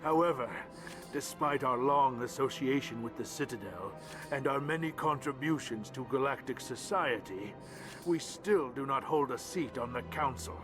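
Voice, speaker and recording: A man's voice: medium pitch, moderate pace, lightly acted. An actor voicing a small, resentful male alien ambassador who speaks in a curt, condescending way. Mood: haughty. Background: game music.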